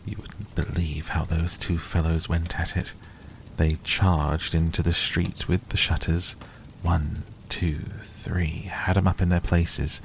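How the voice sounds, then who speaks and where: A man reads a bedtime audiobook in a soft, calm way. His voice is very deep and gravelly, and he takes his time over each phrase, with a faint fire crackle behind him. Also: slow pace. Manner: soft, calm, gentle reading. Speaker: audiobook narrator.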